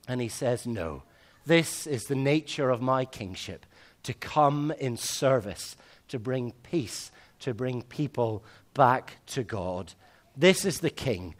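A man preaching a sermon, swinging between loud emphatic lines and hushed, slow ones. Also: on the high side.

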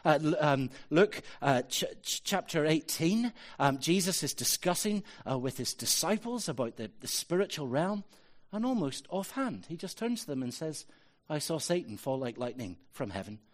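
A man's voice: a little high, expressive, moderate pace. A man preaching a sermon as a pastor, earnest and building to emphatic rhetorical questions.

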